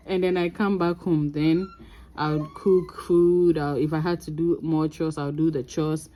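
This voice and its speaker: A woman with a Ghanaian accent telling a story from her own life in a casual vlog, animated and laughing often. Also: deep voice, a little slow, a little hiss or hum. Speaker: crafting vlogger.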